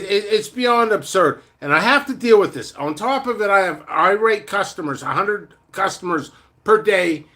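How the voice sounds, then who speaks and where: A man's voice: sits high, sharp tone. A middle-aged man who sells seeds, ranting angrily in a vlog with a lot of profanity, blunt and rambling. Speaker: seed vendor. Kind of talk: vlog rant to camera.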